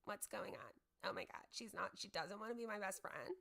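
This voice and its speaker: A woman's voice: medium pitch, moderate pace, gravelly, bright, forceful tone. A woman putting on the whiny, mocking voice of an offended online critic. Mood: mocking whine.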